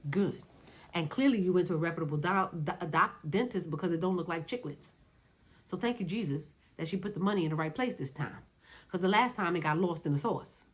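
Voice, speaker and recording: A woman's voice: on the low side, lively intonation, a little fast, breathy edge. A woman reviewing a reality show in a sassy, dismissive, repetitive way, speaking. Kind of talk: casual commentary.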